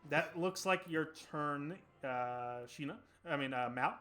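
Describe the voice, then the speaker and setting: A man running an improvised tabletop session as dungeon master, his voice sitting slightly high. He narrates the action descriptively and walks the players through the rules with patient explanations. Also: measured pace, bright, forceful tone, slight background noise.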